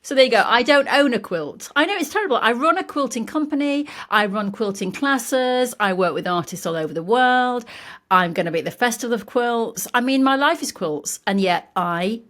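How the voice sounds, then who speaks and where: A woman's voice: a little high, animated, moderate pace, fairly bright tone. Chatty woman on a call. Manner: chatty, self-mocking, bubbly. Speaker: podcast guest, craft company owner. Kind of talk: casual chat.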